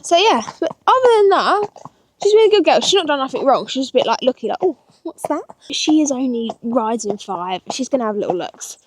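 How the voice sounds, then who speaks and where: A woman's voice: high-pitched, animated, quick pace. A woman in casual vlog chat about her ponies, chatty and giggling nervously as she rides. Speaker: pony owner vlogging her yard. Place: outdoor yard and riding pen.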